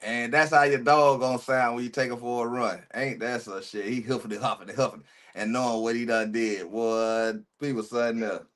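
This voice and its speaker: A man's voice: medium pitch, fairly even intonation, moderate pace, fairly bright tone. A man comments on a video for his reaction stream. He talks casually in slang and gets preachy, repeating phrases for emphasis.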